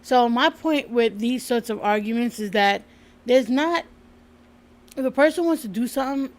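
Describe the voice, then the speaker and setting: A woman with a slightly high voice co-hosts a casual livestream at a moderate pace. She laughs often and chats loosely, swearing now and then.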